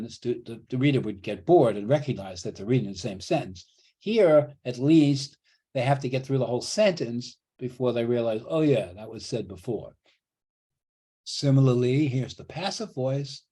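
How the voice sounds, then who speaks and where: Heard through a computer microphone on a video call, a man with a dark, breathy, mid-range voice lectures a college writing class online. He explains grammar with patience and repeats the important points.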